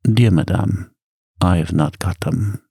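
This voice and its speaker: A man voicing an evasive, worldly gentleman lover in a soft-spoken storybook reading. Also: low voice, takes it slowly, gravelly, breathy edge, dry recording, studio quality, full character voice. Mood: cool.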